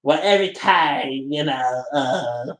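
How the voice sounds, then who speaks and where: A man's voice: mid-range voice, a bit bright. A man mocking a droning radio sports host. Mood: rambling. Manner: slow, drawn-out mocking impression. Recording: roomy echo.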